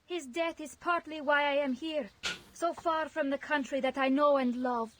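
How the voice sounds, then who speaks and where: High soft-spoken grieving mom in a fantasy rpg, polite and formal, bit of hiss. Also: female voice, fairly even intonation, normal speed. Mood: sorrowful. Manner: formal, gentle and sorrowful. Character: grieving mother, refugee mage from a desert land. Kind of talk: game voice acting.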